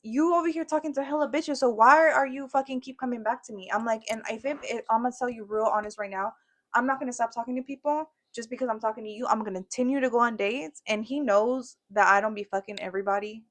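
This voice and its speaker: A young woman co-hosting a podcast, telling a story in fast, profane casual chat and switching into Spanish at times. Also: fairly high pitch, steady tone. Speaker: podcast co-host.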